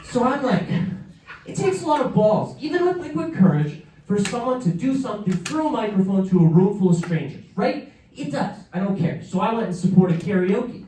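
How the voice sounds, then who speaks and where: Stand-up comic, male, lively storyteller, roomy distant live sound. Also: moderate pace, a little hiss or hum. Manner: animated, acts out characters with pitch jumps. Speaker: stand-up comedian. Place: comedy show in a museum hall. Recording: roomy live venue, mic heard from afar.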